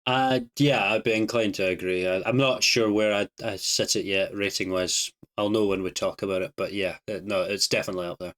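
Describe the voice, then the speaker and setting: A man's voice: lowish voice, steady tone, brisk, hardly any pauses, a bit bright. A man co-hosting a podcast, laid-back and agreeable, chuckling along. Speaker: podcast co-host. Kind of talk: casual review chat.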